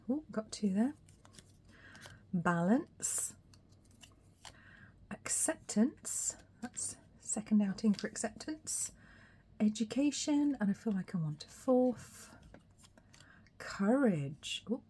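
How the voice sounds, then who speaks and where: A woman giving a casual tarot reading, her voice a little hoarse from a recent cold, chatty and often laughing. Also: medium pitch. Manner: chatty, laughs often, some soft whispery asides. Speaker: tarot reader.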